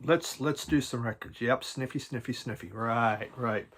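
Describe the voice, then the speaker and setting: A man chatting casually about his record collection at home, halting and restarting often and chuckling now and then. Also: medium pitch, fairly bright tone, husky. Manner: halting, many restarts and repeated words. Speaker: vinyl record collecting vlogger. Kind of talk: casual rambling chat.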